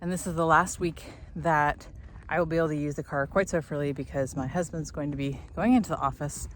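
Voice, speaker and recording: A young woman talks in a chatty, rambling way while hiking outdoors, a little out of breath. Her voice sits a bit low for a woman. The recording comes from a camera in her hand, with steady outdoor noise behind her. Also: brisk. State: slightly out of breath. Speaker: vlogger. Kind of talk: casual walking vlog.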